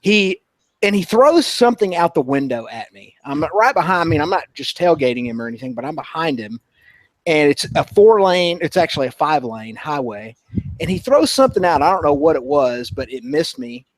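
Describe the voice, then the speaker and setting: A man relays a motorcycle anecdote in a relaxed, drawn-out way. His voice sits a little high. The sound is dry and close. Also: dry recording. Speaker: motovlogger co-host. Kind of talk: casual storytelling chat.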